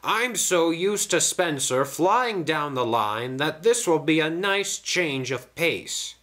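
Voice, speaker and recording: A man's voice: a little high, lively intonation, slow, fairly bright tone, voice pushed up. A man voicing a genteel older male duke in a toy train story. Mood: genial.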